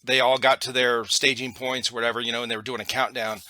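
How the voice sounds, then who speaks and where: A man's voice: medium pitch, little pitch movement, fast, bright, forceful tone. A man hosting a casual podcast who tells a laid-back story and often drops in short agreements. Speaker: podcast host.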